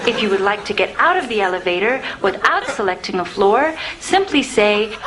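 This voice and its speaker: An actress voicing a polite, calm automated elevator voice system in a comedy sketch. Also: female voice, medium pitch, moderate pace, natural voice. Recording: laughing audience, loud crowd noise.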